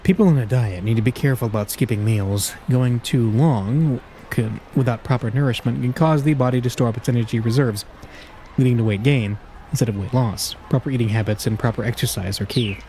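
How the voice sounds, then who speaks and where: A man's voice: mid-range voice, a little fast, dark tone, a little hiss or hum. Casual man reading a game aloud. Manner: casual, jokey asides between narration. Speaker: let's play host. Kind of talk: reading a visual novel aloud with commentary.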